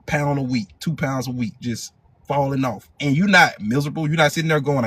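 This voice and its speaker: A man's voice: medium pitch, a little fast, fairly bright tone, a little hiss or hum. A male hypnotherapy coach leading a live motivational training, emphatic and repetitive, in casual slang.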